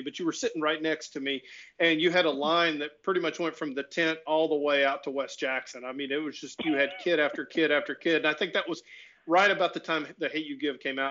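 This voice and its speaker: A man's voice: a little high, a bit bright. A man interviewing an author in a friendly, rambling way, with restarts as he asks his questions. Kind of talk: conversational interview. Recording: dull lo-fi audio.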